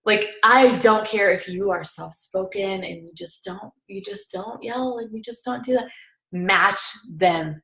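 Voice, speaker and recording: A woman's voice: mid-range voice, unhurried, bright, forceful tone. A young woman recapping a seminar in casual chat, earnest and coaching, filling her talk with "like". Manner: chatty, heavy use of filler "like". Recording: echoey room.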